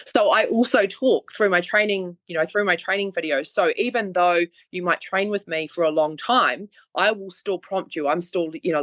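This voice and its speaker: A woman with a New Zealand accent, an online fitness coach, appears as a guest on a casual podcast and talks earnestly and chattily, speeding up in bursts. Her voice is fairly low and a bit bright with fairly even intonation, and there's no room sound.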